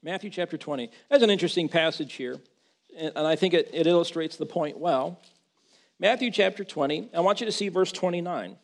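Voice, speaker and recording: A man's voice: a little high, fairly quick. A man preaching a sermon, reading scripture aloud and repeating words as he builds to impassioned, rising emphasis.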